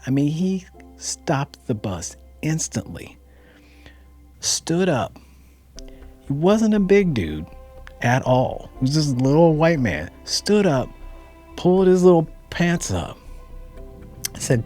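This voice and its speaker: A middle-aged man from Dayton, Ohio, telling a personal story in an animated, conversational way. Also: a little high, takes it slowly, long pauses, soft background music. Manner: animated, conversational, acts out quotes.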